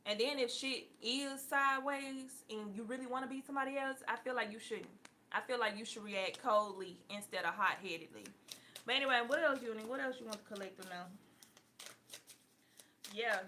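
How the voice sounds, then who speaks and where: A woman in her thirties talks straight to her viewers, blunt and full of cussing, with sudden loud bursts and laughter. Her voice is bright and forward and sits a little high. She sounds like a tarot reader chatting with her audience. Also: a little hiss or hum. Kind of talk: casual talk to viewers.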